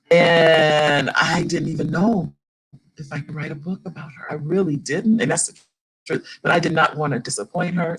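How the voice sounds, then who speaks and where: An older woman, a grandmother, telling a story to an audience about writing her first children's book, animated and rising with excitement. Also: deep voice, husky, rough recording. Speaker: guest speaker, children's book author.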